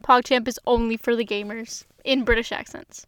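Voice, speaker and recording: A young woman co-hosting a casual chat over a video call, agreeable and full of fillers and quick yeses. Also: on the high side, fairly even intonation, fairly bright tone, smooth, dry recording. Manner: agreeable, lots of fillers and affirmations. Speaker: co-host.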